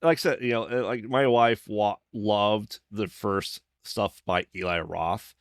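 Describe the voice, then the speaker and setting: A man hosting a podcast talks in a very low voice, easygoing and casual, often restarting his sentences. The sound is dry and close to the mic. He keeps agreeing with his guest. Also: fairly even intonation, a little slow, clean tone, no room sound. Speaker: podcast host. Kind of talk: casual conversation.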